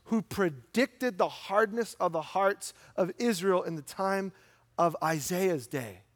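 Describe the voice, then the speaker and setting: A middle-aged man preaching a sermon in a church, conversational, asking rhetorical questions and slowing down for emphasis. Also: sits high. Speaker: pastor. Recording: long hall reverb.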